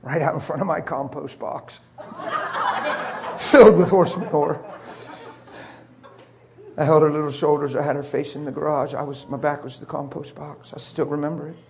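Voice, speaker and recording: A man's voice: a little high, level tone, fast talker, creaky, few pauses, darkish tone, a little hiss or hum. A middle-aged man preaching, telling an emotional personal testimony in a confessional way. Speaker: pastor.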